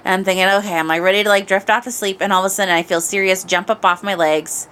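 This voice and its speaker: A woman podcast host fires off a casual anecdote into a microphone, talking fast yet clearly in a resonant tone. She's animated and expressive, dropping into low mutters and rising into shrieks.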